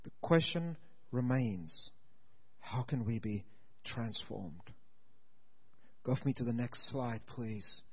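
A man preaching a sermon with stories and humor, swinging from loud emphasis to quiet intensity. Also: medium pitch, animated, slow pace, long pauses, breathy edge, in a large hall. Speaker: pastor and teacher. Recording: dull lo-fi sound.

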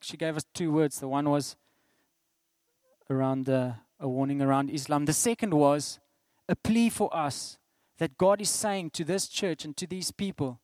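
A middle-aged South African pastor preaches a sermon in a slightly high voice at a normal speed, his intonation fairly even overall. He alternates between loud, emphatic declarations and hushed asides. The recording sounds dry, with little room echo.

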